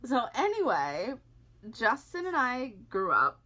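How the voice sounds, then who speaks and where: A woman from rural Pennsylvania co-hosting a podcast, telling a personal story in a wry, animated way. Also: medium pitch, takes it slowly. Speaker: podcast co-host. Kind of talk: storytelling in casual podcast chat.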